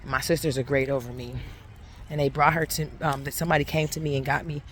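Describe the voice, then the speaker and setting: A woman's voice: deep voice, flat delivery, quick pace, a bit bright, a little hiss or hum. A woman reflecting on faith and telling a personal story in a casual, earnest way, rambling and restarting her sentences. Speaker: faith vlogger.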